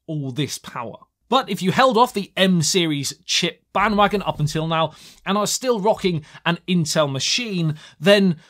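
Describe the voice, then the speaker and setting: A man's voice: on the high side, fairly bright tone. A young man giving a chatty, self-mocking tech review to camera, with jokey asides.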